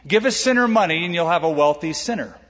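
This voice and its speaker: A man pastor preaching a sermon, lively, acting out quoted voices with humor. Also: fairly high pitch, quick pace. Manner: animated, acts out quoted voices with jokes. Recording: echoey hall, dull lo-fi sound.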